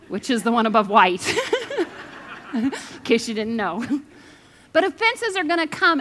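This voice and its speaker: A woman pastor giving a lively, joking sermon with dramatic pauses. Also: a little high.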